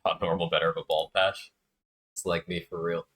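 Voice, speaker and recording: A man's voice: sits low, little pitch movement, brisk, fairly bright tone, poor audio. A man streaming a game, chatting casually and joking while reading viewer comments aloud. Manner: jokey, riffing and reading chat aloud. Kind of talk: casual chat with live chat.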